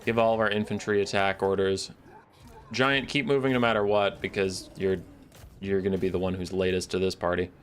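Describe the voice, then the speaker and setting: A man with a low voice streams a strategy game, talking fairly quickly in a fairly even tone. He gives loose running commentary on his moves, playful and self-deprecating, with mock-scolding asides to himself.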